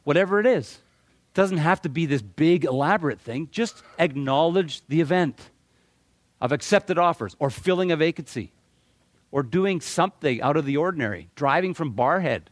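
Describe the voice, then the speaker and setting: A middle-aged man from Canada giving a talk to a live audience, animated and joking, often repeating words as he restarts. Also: a little high, moderate pace, no echo. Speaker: motivational speaker.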